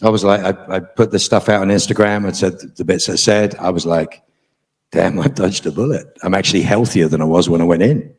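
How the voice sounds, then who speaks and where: A man's voice: deep voice, brisk, husky. A middle-aged man, a guest on a convention panel, telling a story to a live audience in a frank, profane, dryly humorous way.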